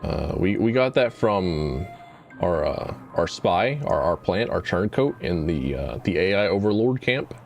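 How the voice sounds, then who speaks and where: Male streamer, mellow voice, rambling and stammering, self-deprecating. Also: low voice, lively intonation, unhurried, soft background music. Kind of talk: casual gameplay commentary.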